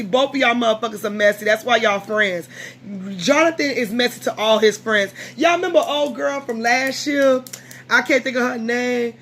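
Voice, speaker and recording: A woman's voice: a little high, slight background noise. Tired, blunt woman vlogger. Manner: blunt, profane, animated recap with quoted voices. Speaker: vlogger recapping a reality show. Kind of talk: casual chat.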